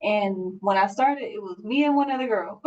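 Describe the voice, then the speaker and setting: A woman's voice: mid-range voice, normal speed, a little mellow, distant mic, lo-fi sound. A young adult woman hosting a podcast, talking casually with lots of "like" and light laughs. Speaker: podcast host. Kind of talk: casual interview chat.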